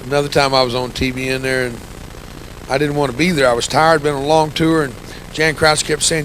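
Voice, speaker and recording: A man in his sixties with a gravelly, grumpy-sounding voice, giving an impassioned, folksy testimony sermon with humor as a church guest speaker. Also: a little high, level tone, a little fast, fairly bright tone, a little hiss or hum, low-quality recording. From United States. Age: 60s. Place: church sanctuary.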